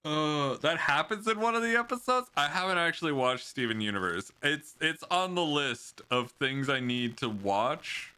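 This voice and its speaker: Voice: medium pitch, expressive, normal speed, few pauses, pushed and bright, clear, resonant tone. A game streamer giving casual, incredulous gameplay commentary, laughing and swearing often.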